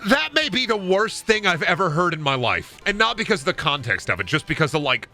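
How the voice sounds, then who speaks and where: A man's voice: high-pitched, very animated, a little fast, sharp tone, soft background music. A man streaming a game, chatting to his audience in a rambling, exaggerated way. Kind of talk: casual live-stream chat.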